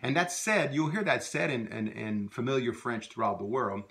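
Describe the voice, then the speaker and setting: A man's voice: medium pitch, normal speed, vocal fry, a bit bright. A man teaching a casual language lesson, rambling with many fillers and restarts. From Louisiana.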